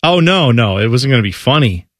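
A man's voice: medium pitch, big pitch swings, fairly quick, fairly bright tone, dry recording, studio quality. A man hosting a radio talk show, chatting casually with wry, sarcastic asides. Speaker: radio host.

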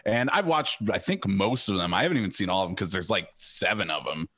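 A man with a low pitch and a bright, forceful tone co-hosts a casual podcast. He talks in a chatty, opinionated way and often wanders off on tangents. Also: expressive, fast talker. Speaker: podcast co-host. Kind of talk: casual chat.

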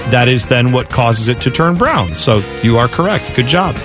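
A man co-hosting a sports radio show, bantering, ranting fast and reading quiz questions. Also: mid-range voice, music in the background. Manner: animated, ranting, fast asides. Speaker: radio co-host.

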